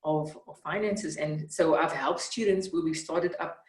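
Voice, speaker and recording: A South African woman with a low voice talks in an earnest, reflective way, lively when she retells a scene. She sits some way from the mic in a room with a noticeable echo. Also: measured pace. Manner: earnest, animated when retelling, frequent fillers. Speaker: interviewee, mentor. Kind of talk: reflective storytelling in conversation. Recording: roomy, from some distance off the mic.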